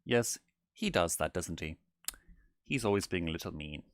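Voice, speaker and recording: Casting: man playing a theatrical male owl demon prince, lower-voiced, fond of "darling", streaming a game. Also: lively intonation, normal speed, no room sound, studio quality. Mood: playful. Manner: theatrical, calls people darling, giggly. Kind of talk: in-character gameplay livestream.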